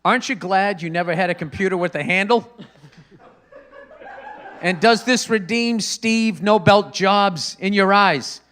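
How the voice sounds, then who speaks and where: A man hosts a comedy podcast in a profane, rambling rant. His voice is pitched high for a man. He swings between loud outbursts and low muttering. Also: measured pace. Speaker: podcast host.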